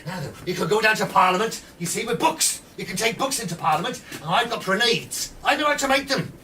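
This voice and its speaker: Scheming male plotter, high and loud, pushing weapons on people, as a storyteller puts him on; distant mic, faint room hum. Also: moderate pace. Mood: gleeful.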